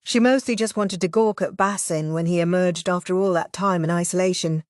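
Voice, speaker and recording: A woman reading a novel aloud as audiobook narrator, in an even, measured way. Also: lowish voice, dry recording, clean studio sound. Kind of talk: scripted narration.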